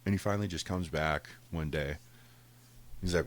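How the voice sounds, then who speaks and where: A man with a very low voice tells a loose, rambling story on a podcast. He swears freely and keeps the tone casual and conversational. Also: moderate pace. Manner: profane, rambling, laughing. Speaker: podcast host.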